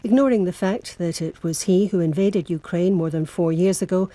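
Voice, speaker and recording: Woman newsreader, formal and measured, low-ish mellow voice, dry studio sound. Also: no echo. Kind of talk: scripted news bulletin.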